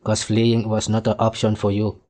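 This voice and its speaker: A man with a somewhat low voice delivers heated reaction commentary. He is mocking and argumentative, throwing insults as he picks apart a clip. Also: completely flat delivery, normal speed, darkish tone. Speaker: commentary host reacting to clips.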